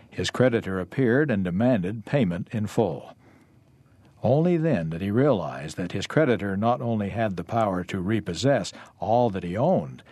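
A man reading a parable aloud for a lesson in a measured, even way. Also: on the low side, slightly rough, no echo. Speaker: reader of a lesson text.

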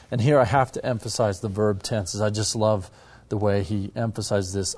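Low mellow-voiced man explaining scripture. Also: steady tone, normal speed. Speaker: religious history presenter.

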